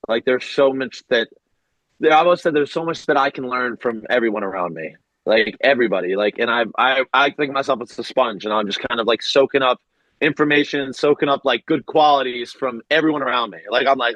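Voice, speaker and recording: A man's voice: mid-range voice, brisk, fairly bright tone, no room sound. Earnest young man, dry lo-fi sound. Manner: earnest, heartfelt, many fillers like "like". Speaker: guest, baseball pitcher. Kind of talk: casual interview.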